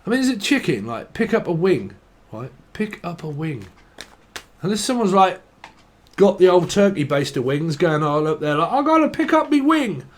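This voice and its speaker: A man's voice: a little high, lively intonation, moderate pace. A man giving a tarot reading, rambling stream-of-consciousness style, swearing freely and laughing at himself. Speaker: tarot reader.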